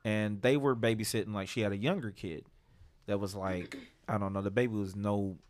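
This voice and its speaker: A man telling a casual story among friends, animated and profane, breaking into high-pitched impressions. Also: moderate pace.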